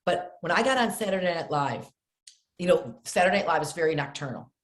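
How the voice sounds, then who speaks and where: A middle-aged woman tells stories in a casual interview, bouncing into the voices of the people she describes. Her voice sits a little low for a woman and carries a noticeable room echo around it. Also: brisk. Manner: animated, acts out family voices in her stories. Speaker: guest.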